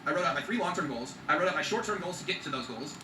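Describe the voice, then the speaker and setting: A man's voice: a little high, animated, very fast, reverberant, far from the mic, background noise. A man talking in an emphatic motivational vlog, swearing freely and checking in with his viewers. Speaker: vlogger.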